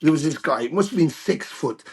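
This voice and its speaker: A British man in his older years, a guest musician telling stories in a casual interview, animated and swearing freely. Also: a little high, a little fast, slight background noise. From United Kingdom.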